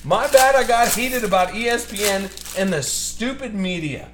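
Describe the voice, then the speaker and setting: A man's voice: sits high, lively intonation, slight background noise. Heated ranting man in an echoey room. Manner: ranting, heated, fast-shifting. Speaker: card break host. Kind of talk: live stream chat while opening cards. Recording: echoey room with music behind.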